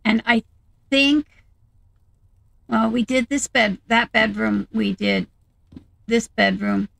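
A woman's voice: on the high side, little pitch movement, slow, vocal fry, a bit bright, poor audio. A woman hosting a gaming video, chatting casually and thinking aloud as she plays. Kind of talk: casual game commentary.

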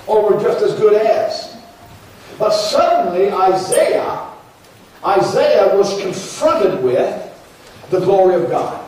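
A man's voice: sits high, big pitch swings, slow pace, darkish tone. A man, a pastor preaching a sermon in a church, earnest and repetitive, rising into pleading prayers. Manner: earnest preaching with repeated words and rising pleas. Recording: echoey church from a distance with faint ambience.

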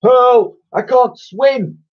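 A man's voice: drawn-out words, full character voice. A man voicing a blustering headmaster who shrieks in panic. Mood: panicked. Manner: shrieking, high and loud. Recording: dull lo-fi sound.

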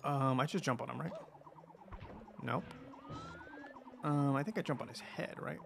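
A man's voice: medium pitch, unhurried, creaky, over music. A man casually commentating as he plays a video game on a livestream, joking around and greeting viewers. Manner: goofy, joking, chatting to viewers. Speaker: streamer.

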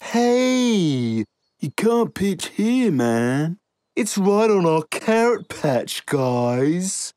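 An actor voicing an indignant cartoon rabbit defending its carrot patch, talking in a laid-back, slangy way with a lively voice. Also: mid-range voice, very slow, dry recording, clean studio sound.

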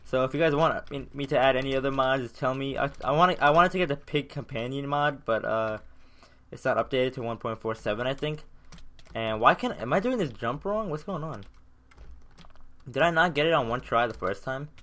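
A young man with a sore throat talks through his gameplay in a bright, forward voice. He rants and swears as jump after jump goes wrong. His commentary stays loose and casual, with a middling pitch. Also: animated, fairly quick. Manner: frustrated, ranting, swearing at failed jumps. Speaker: gaming channel host.

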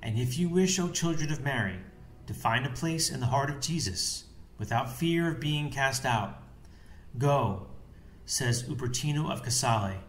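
A man giving a solemn, measured devotional reading, with a few phrases in Latin. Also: mid-range voice, animated. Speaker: devotional reader. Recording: echoey room with faint background hiss.

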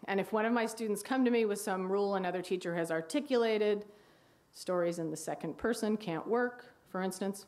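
Wry woman giving a writing talk. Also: fairly quick. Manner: wry, reads quoted dialogue in a hushed low voice. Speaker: writing teacher. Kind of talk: lecture with read-aloud excerpts. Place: lecture hall.

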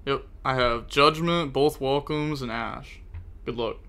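A man's voice: mid-range voice, a little slow, creaky, bright, forceful tone, smooth. A young man streaming a card game, talking to his chat as he plays and getting frustrated with his own mistakes. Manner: frustrated, self-critical, talks to chat. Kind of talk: live card game commentary.

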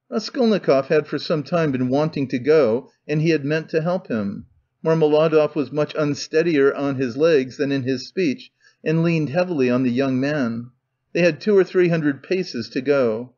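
A male audiobook narrator reads in steady, measured scripted narration. His voice sits slightly high, and the recording is dull and lo-fi. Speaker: audiobook reader.

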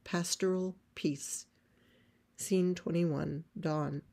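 A woman reading a play script aloud, describing stage directions in a measured way. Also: on the low side, steady tone, vocal fry, dark tone. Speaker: playwright reading her script.

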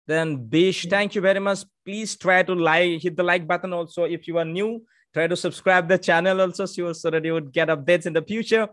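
An upbeat male host keeps a live online session moving, greeting viewers and reading out names. His voice sits a touch high, coming through a video call. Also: steady tone, fairly quick, a bit bright. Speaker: moderator.

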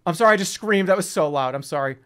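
A male streamer chatting casually on a live stream, excitable and prone to sudden loud outbursts and laughter. His voice sits at a middle pitch but leaps up and down a great deal. He swears freely and talks in quick bursts. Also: smooth.

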